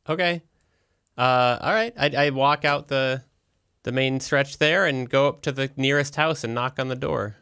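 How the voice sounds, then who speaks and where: A man's voice: mid-range voice, a little slow, pushed and bright, clean tone. A man playing his turn in a tabletop game. He sounds hesitant and polite, with plenty of fillers and chuckles, in an ordinary mid-range voice. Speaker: player. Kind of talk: tabletop role-play.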